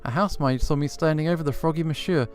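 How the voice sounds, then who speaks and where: Man voicing a chattering young cat lady, prim and naive, smooth tone, faint music behind. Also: on the high side, quick pace, darkish tone, natural voice. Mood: childlike. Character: young noble cat girl, polite and naive.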